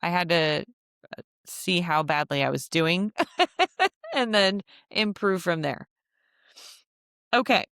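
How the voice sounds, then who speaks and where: A woman's voice: lowish voice, expressive, slow, long pauses, fairly bright tone, no room sound, clean studio sound. A woman hosting a casual solo podcast, chatty and laughing often as she acts out little quotes. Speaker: podcast host.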